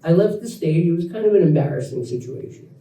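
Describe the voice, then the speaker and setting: A man in his forties, an actor guest at a live Q&A, telling an animated anecdote, laughing as he acts out what people said. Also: a little high, fast. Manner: animated storyteller, laughs through lines, acts out quotes. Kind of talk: live Q&A storytelling. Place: event room with audience. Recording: echoey room, mic at a distance.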